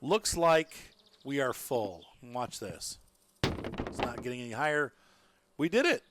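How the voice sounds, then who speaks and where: A man's voice: mid-range voice, very animated, a little slow. A man chatting his way through a live gameplay stream from home, rambling and laughing often. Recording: loud background noise.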